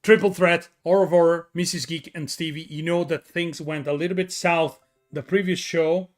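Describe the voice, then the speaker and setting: Excitable Italian-accented wrestling commentator. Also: male voice, a little high, moderate pace, faint music behind. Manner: bursts into shouts on big moves, jokey asides to co-hosts.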